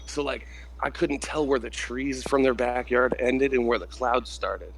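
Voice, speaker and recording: A man's voice: mid-range voice, fairly even intonation, unhurried. Young guy rambling thru a trip story, says "like" constantly, bit of faint hiss behind. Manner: rambling, heavy use of "like" and swearing. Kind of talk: casual trip story in group voice chat.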